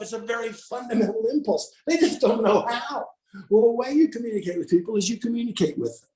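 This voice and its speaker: A man's voice: very high-pitched, fast, darkish tone, echoey room. A man, an interview guest, telling an anecdote in casual conversation and acting out the voices he quotes.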